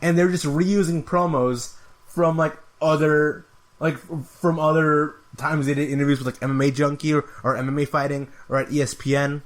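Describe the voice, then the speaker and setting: A man's voice: a little high, steady tone, normal speed. A man hosting a casual fight review podcast, recapping in an exasperated, sarcastic way and laughing at the awkward moments. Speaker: podcast host.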